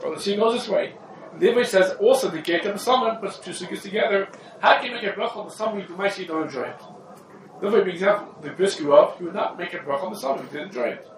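A man's voice: high voice, lively intonation, fast. A man giving an informal, conversational Torah lesson, moving between English and Yiddish and Hebrew terms. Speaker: rabbi teaching a halacha class. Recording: roomy echo from a distant mic with faint background noise.

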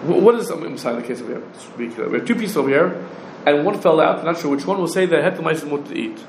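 A man gives a Talmudic lecture in a fairly high voice, pressing each point with quick questions that climb upward. The room gives his voice a noticeable echo, and a faint ambience hums underneath. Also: lively intonation, a little hiss or hum. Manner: rapid questioning, rising challenges. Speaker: religious law teacher.

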